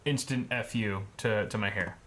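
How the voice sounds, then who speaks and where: A man's voice: lowish voice, moderate pace, fairly bright tone. A man in his thirties co-hosting a casual livestream chat, playful and jokey as he reads out donations. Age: 30s. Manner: playful, jokey, trails off and restarts. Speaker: co-host.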